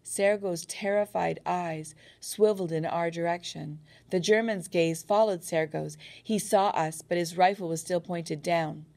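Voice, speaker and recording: A woman reading a first-person war novel aloud as an audiobook narrator, in a steady, earnest storytelling manner. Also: on the low side, unhurried, vocal fry, few pauses.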